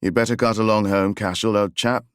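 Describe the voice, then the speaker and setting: A man voicing a tall, blunt English gentleman on horseback, speaking in a deep, curt English accent. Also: fairly even intonation, brisk, smooth, no room sound, studio quality, natural voice. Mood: gruff.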